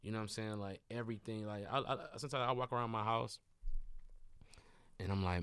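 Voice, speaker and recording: A man's voice: lowish voice, fairly even intonation, fairly quick, pauses often, a bit bright, clear, resonant tone, no echo. A man from Detroit, a comedian guest in his thirties, talking in a laid-back, rambling way in a casual interview. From Detroit, USA. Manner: laid-back, rambling, says "you know what I'm saying" a lot.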